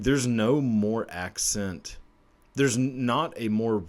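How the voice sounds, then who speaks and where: A young man, hosting a profane, rambling comedy chat about a true-crime story and laughing at his own jokes. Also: deep voice. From Texas. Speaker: podcast host.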